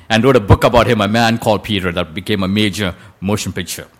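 A man's voice: on the low side, fairly even intonation, quick pace, few pauses. A male preacher telling a story in a sermon, with a dramatic delivery that draws out quoted lines.

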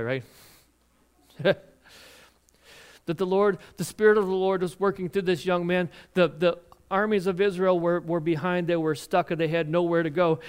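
A man preaching a sermon, retelling a Bible story in an animated way with laughs and restarts. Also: fairly high pitch, clean tone.

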